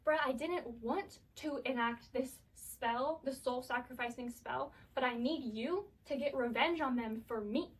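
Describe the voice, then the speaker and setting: A woman's voice: sits high, unhurried, few pauses, slightly rough, recorded from a distance, rough recording. A woman voicing a blunt, resentful masked young man, in her own casual voice. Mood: pleading. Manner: blunt, slangy.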